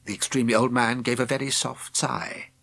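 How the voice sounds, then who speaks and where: A man narrating a children's storybook with expressive, gentle storytelling. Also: medium pitch, brisk, vocal fry, dry recording. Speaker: audiobook narrator.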